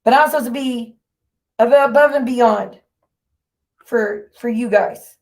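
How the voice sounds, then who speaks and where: Brief: woman stream host, fairly high voice, furious and profane, calling out her chat directly. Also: unhurried, darkish tone. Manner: heated, profane, confrontational. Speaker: livestream host. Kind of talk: angry livestream rant.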